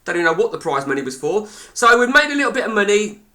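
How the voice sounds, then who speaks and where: A man's voice: high-pitched, sing-song, fast, bright, forceful tone. A man streaming live, giving blunt, sweary, rambling commentary on a football management game.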